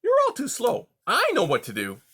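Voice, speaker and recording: A bossy little fox kit whines and complains in a raised, strained voice, as a man puts him on. He sounds pushy and impatient. A slight gravelly texture from the reader stays underneath. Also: sits high, huge pitch swings, moderate pace, pushed and bright, voice pushed up, heavily acted. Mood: crabby. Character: crabby young male fox kit.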